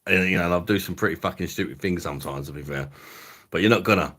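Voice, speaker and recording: A young man hosts a live stream, crude and jokey and quick to laugh. His voice sits a little low, and he chats loosely with his viewers. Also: bright, forceful tone, slightly rough. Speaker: livestream host. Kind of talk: casual live stream chat.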